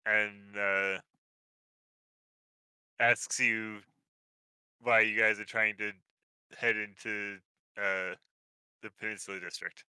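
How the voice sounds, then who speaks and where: Low, flat-voiced man running a tabletop game. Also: slow pace, pauses often, smooth, no echo, low-quality recording. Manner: relaxed, hesitant with many fillers. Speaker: game master.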